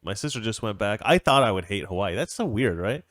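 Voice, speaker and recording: A man's voice: on the low side, fairly quick, no echo, clean studio sound. A man hosting a casual livestream Q&A, chatting loosely and acting out the voices in a story he tells. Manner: animated, acts out voices when telling a story. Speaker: livestream host.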